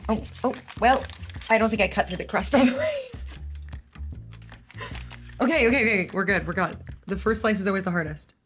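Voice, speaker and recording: A woman's voice: medium pitch, very animated, a little fast, pauses often, reverberant, faint music behind. A young woman hosting a casual home baking vlog in her kitchen, chatty and self-deprecating and laughing often. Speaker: baking show host.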